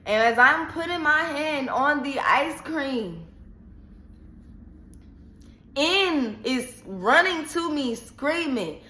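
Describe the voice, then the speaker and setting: A woman vlogger casually retelling a personal story in an animated, slangy, dramatic way. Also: high-pitched, slow. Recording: echoey room.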